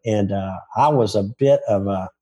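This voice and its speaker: An older Southern man with a Tennessee drawl, his voice low, mellow and a little husky. He rambles through his stories with restarts and self-deprecating asides in a relaxed interview. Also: moderate pace. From Memphis, Tennessee. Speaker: former touring golf pro, interviewee. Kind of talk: casual interview storytelling.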